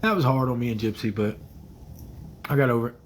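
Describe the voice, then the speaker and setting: A man in his thirties talks casually to his livestream viewers through a phone, mid-pitched and unhurried. He hesitates often, filling gaps with "uh" and "um," and lets his voice sink to quiet murmurs. A faint hiss of background noise sits under the recording. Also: expressive, poor audio. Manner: soft-spoken, hesitant, many fillers, drops to quiet murmurs. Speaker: livestream host answering viewer comments.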